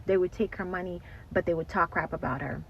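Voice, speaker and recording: A woman telling a story in a casual, animated way, full of "like" and "you know". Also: on the low side, brisk, creaky, dull audio, a little hiss or hum. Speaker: storytime host.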